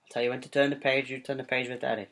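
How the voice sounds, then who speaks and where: A father reading a rhyming bedtime storybook aloud to his child at home, in a gentle, sing-song way. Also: medium pitch, level tone, racing.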